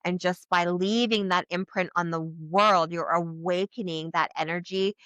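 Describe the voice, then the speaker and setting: A woman with a bright, forward voice gives a channeled spiritual reading. She talks in an earnest, flowing way, often trailing off and restarting with "like." The sound is dry and close, with no room around it. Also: fairly low pitch, fairly even intonation, moderate pace, smooth, no echo, dull audio. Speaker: psychic channeler.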